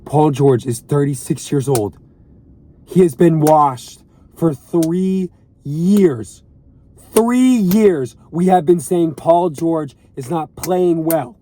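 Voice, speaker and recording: Young male vlogger, fairly high voice, slow and deliberate, dark mellow tone, exasperated rant recorded in a car, hammering each point twice. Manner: exasperated, repeats points with heavy emphasis. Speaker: vlogger and sports fan. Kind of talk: ranting to camera. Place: inside a parked car.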